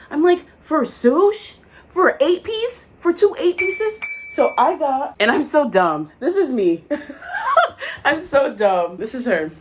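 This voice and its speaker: A young woman vlogging to camera, recounting a story with big swings in pitch and lots of drama. Her voice sits in a middle register but leaps up and down as she acts out the moment. She talks casually, peppering her lines with likes and quick asides. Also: breathy edge. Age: young adult.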